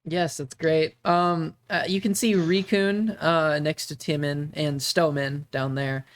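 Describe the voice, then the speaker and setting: A man running a tabletop game stream as game master, narrating with many halting fillers. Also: fairly high pitch, steady tone.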